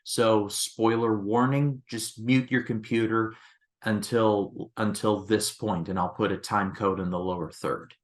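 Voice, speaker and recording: Host of a casual movie review channel, a man with a slightly low voice, rambling style full of restarts. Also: fairly even intonation, unhurried. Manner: rambling, leans on "basically" and restarts.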